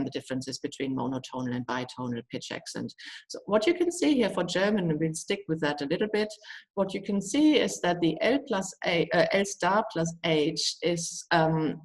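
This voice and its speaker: A woman with a low voice and a gravelly edge gives an academic lecture. She explains patiently and restarts her phrases often. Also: poor audio. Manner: explanatory, many fillers and restarts. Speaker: guest lecturer.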